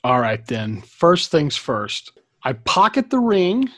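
Man, tabletop player, fairly high voice, playful. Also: big pitch swings, slow, a bit bright, no room sound, studio quality. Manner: playful, voices his character in quotes. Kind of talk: tabletop role-play chat.

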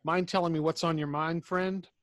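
A man voicing a smooth-talking male adventurer who coaxes a frightened sailor. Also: a little high, steady tone, moderate pace, a bit bright, no room sound, natural voice. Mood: coaxing. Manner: cajoling, wry.

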